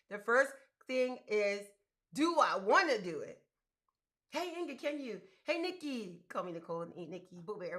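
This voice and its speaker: A woman hosting a motivational live stream about grants for mothers, talking in an animated, emphatic, colloquial way. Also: on the high side. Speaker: host giving business grant advice.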